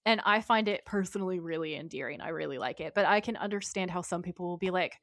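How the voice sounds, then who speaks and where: A woman's voice: lowish voice, fast, no echo, studio quality. A woman co-hosting a podcast in casual chat, enthusiastic and rambling with fillers. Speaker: podcast co-host.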